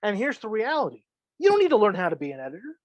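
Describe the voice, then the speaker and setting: High-voiced man teaching casually. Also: wildly swooping pitch, rapid-fire, dry recording, dull audio. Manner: chatty, joking, acts out imagined reactions. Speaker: filmmaking instructor.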